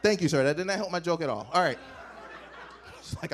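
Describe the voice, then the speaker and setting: A man in his thirties doing a stand-up comedy set on a club stage, animated and acting out bits with big swings in pitch. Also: quick pace, crowd noise.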